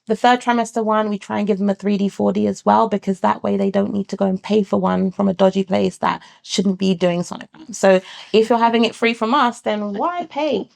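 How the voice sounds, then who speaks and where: A British midwife speaks in a relaxed interview, her mid-range voice carrying a gravelly edge. She tells her story with animation, slipping into other people's voices when she quotes them. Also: mid-range voice, a little fast. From England. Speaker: midwife and founder of a sonogram service. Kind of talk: conversational interview.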